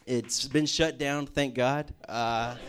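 A man gives a personal testimony sermon. He preaches like he is chatting, telling his story with jokey asides. His voice sits at an ordinary pitch. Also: fairly even intonation, slow, a bit bright, smooth. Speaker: campus ministry speaker.

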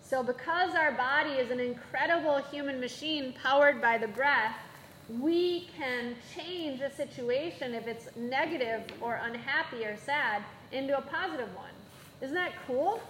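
High-pitched lady teaching kids yoga, slow and encouraging, echoey room. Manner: gentle, encouraging, playful instructions. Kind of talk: guided kids' yoga class. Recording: echoey room with faint background noise.

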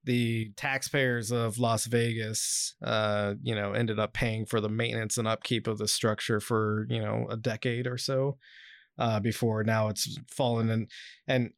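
A man's voice: lowish voice, flat delivery, a little slow, clear, resonant tone, no echo, studio quality. A man hosting a casual podcast, rambling with lots of fillers and swearing, sometimes reading an article aloud. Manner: reads article passages aloud. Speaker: podcast host.

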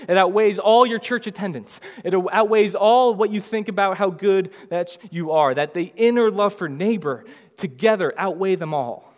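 A pastor delivers a sermon in a relaxed, talkative style, slipping into lively voices to act out scenes from scripture. His voice sits a little higher than most men's. The sound carries the long reverb of a large church sanctuary. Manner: conversational preaching, acts out biblical dialogue in lively voices.

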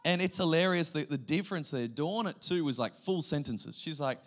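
An Australian man in his thirties, a guest pastor giving a sermon with lively storytelling and sudden loud bursts. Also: on the high side, fairly quick.

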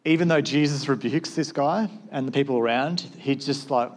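A man with a mid-range voice talks at a normal speed with hardly any pauses. He's a pastor with school-age kids, preaching a conversational sermon and acting out short exchanges.

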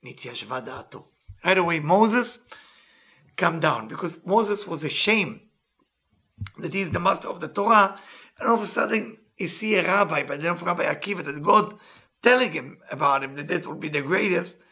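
A man teaching a Talmud story with impassioned, earnest storytelling, reading Hebrew text quickly and then retelling it in plain English. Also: on the high side, expressive, bright, forceful tone. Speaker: Torah teacher.

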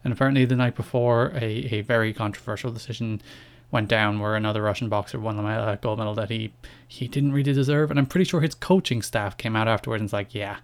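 A man's voice: fairly low pitch, fairly even intonation, fast talker. A young man with an Irish accent talks through his solo podcast in a loose, wandering way. He is chatty and casual, and drifts from one thought to the next with wry asides about himself. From Ireland. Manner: rambling, chatty, self-deprecating asides. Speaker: podcast host.

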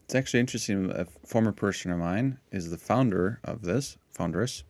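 A middle-aged man co-hosting a parish podcast in relaxed casual chat, laughing easily and restarting his sentences. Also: on the low side, brisk, dry recording.

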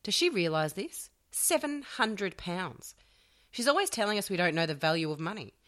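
A woman reading a teen novel aloud on a podcast, with expressive, dramatic storytelling. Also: mid-range voice, normal speed.

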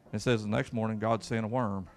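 Gravelly preacher man. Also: lowish voice, steady tone, fast talker, faint music behind. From Kentucky. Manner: folksy, emphatic preaching with repeated words and call-outs. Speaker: pastor. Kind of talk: sermon.

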